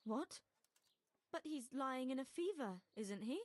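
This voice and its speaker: A woman's voice: high voice, lively intonation, unhurried, no echo. A woman voicing a devout, obstinate young peasant woman who believes she has seen visions, speaking earnestly in a video game. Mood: surprised.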